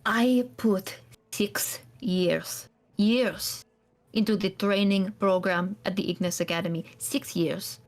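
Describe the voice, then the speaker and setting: A woman's voice: medium pitch, steady tone, slow pace. A woman voicing a resentful young woman trainee who speaks in a clipped, formal, accusing way. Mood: bitter, angry.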